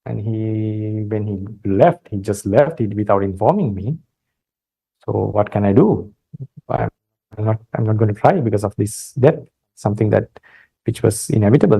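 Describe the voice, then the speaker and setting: A man with a Sri Lankan accent giving a calm Buddhist dharma talk, retelling a story with many fillers and restarts. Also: on the low side, moderate pace, creaky, slightly rough, low-quality recording. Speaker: Buddhist monk teacher.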